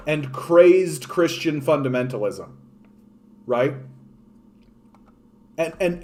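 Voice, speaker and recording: A Canadian man delivers a solo political rant in a fairly high voice. He is sarcastic and profane, and he slips into mocking put-on voices. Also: a little mellow. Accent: Canadian English. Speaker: political commentator. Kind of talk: ranting solo commentary.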